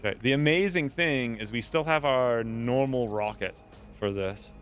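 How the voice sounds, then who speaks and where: A man's voice: mid-range voice, moderate pace, over music. A man giving casual live commentary on a strategy game, chatty and thinking aloud, often laughing. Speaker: game streamer.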